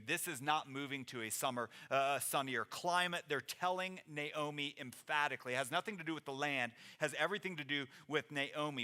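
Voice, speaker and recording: Bright-voiced male pastor preaching. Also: medium pitch, moderate pace, clear, resonant tone. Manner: earnest, conversational preaching with frequent restarts. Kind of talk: sermon. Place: church sanctuary.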